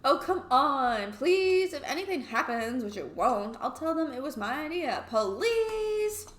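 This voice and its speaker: A woman's voice: high voice, sing-song, measured pace, voice pushed up, heavily acted. A woman voicing a rude, show-off schoolboy who sneers at his classmates. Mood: whining. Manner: sneering, loud, whiny. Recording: roomy echoey room.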